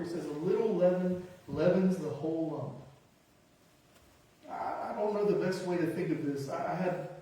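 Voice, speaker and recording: Recorded far away in an echoing hall, a pastor with a fairly high, mellow voice delivers a sermon. He's emphatic but chatty, poking fun at himself and firing off punchy lists of single words.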